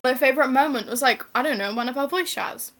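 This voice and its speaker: A woman's voice: high voice, fast, a bit bright. A young woman in casual chat with a friend, teasing, laughing and using lots of slang.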